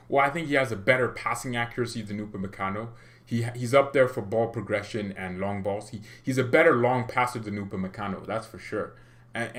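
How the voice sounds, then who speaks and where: Man, fan channel host, livestream chat, rambling, excitable, mid pitch. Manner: rambling and excitable, many restarts.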